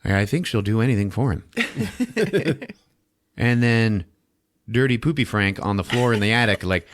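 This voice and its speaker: A man hosting a podcast, giving a comedic movie recap in a lively, profane style and laughing often. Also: medium pitch, a little slow. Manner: animated, swearing, laughing often. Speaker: podcast host.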